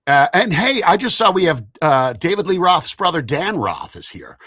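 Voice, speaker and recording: A man hosting a live-streamed interview in casual chat, animated and enthusiastic, swearing casually. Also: on the high side, normal speed, slightly rough, dry recording, clean studio sound. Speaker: podcast host.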